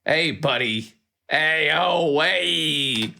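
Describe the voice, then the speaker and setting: A man's voice: on the high side, drawn-out words, gravelly, pushed and bright, a little hiss or hum, exaggerated voice. A man voicing a pushy, money-grubbing male street informant with a put-on tough-guy accent and nagging patter. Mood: wheedling.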